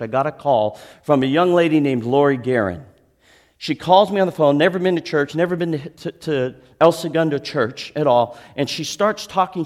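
Earnest pastor telling a story. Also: male voice, medium pitch. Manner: earnest, with frequent restarts and dramatic pauses. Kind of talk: sermon storytelling.

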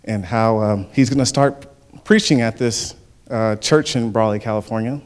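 A man sharing his testimony at church, telling stories in an animated way and often chuckling. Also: lowish voice, normal speed. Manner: animated storytelling with frequent chuckles. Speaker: church speaker. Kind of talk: spoken testimony.

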